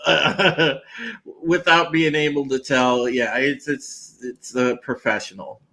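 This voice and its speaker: A man's voice: medium pitch, fairly even intonation, slow pace, sharp tone, rough recording. A man hosting a casual podcast panel, talking in a laid-back, drawling way with lots of fillers. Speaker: podcast host.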